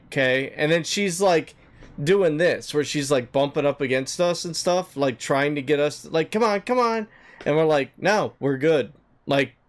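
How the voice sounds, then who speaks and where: A young man and live streamer casually telling his chat a story, animated, dropping to low mutters and jumping up high when he mimics people.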